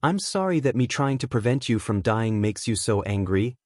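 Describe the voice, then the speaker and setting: A man's voice: mid-range voice, animated, normal speed, no room sound, studio quality, lightly acted. A man reading fan fiction aloud and voicing an earnest young man's ghost who pleads and defends himself. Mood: pleading.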